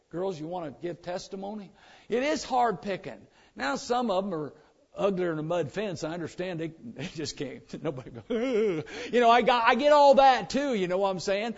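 A man preaching a sermon, animated and joking, now and then mimicking complainers. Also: high-pitched, lo-fi sound. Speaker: pastor.

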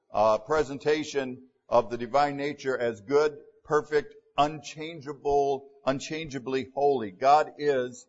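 A man's voice: medium pitch, dull audio. A man preaching a verse-by-verse sermon in a plainspoken way, with fillers and restarts, reading scripture in King James wording. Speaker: pastor. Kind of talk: expository sermon.

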